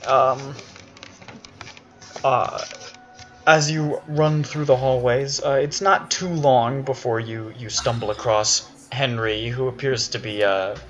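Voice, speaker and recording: A man narrating as game master of a tabletop horror game, halting and full of fillers. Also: medium pitch, fairly bright tone. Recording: dull lo-fi recording.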